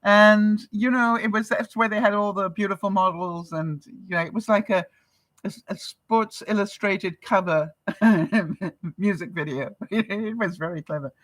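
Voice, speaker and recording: An older Canadian woman vlogs in a casual livestream, chatting with her viewers, laughing often and tossing out rhetorical questions. Her voice is mid-range and a little slow, captured in a dry recording.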